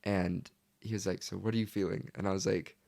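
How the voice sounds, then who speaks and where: A young man talking as a podcast guest, his voice a touch low with a gravelly fry running through it. He tells his story earnestly and casually, with "like" sprinkled all through his sentences. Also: steady tone, a little fast, darkish tone. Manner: earnest, leans heavily on "like".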